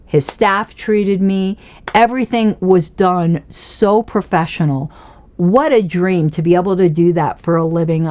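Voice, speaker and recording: A woman hosting a casual political commentary livestream, chatty and self-mocking, often laughing as she talks. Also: fairly low pitch.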